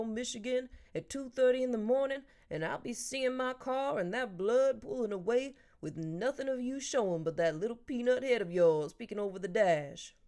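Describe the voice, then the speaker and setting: A woman's voice: on the high side, a little mellow, voice pushed up. A woman doing a teasing older man. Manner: dry, joking storytelling.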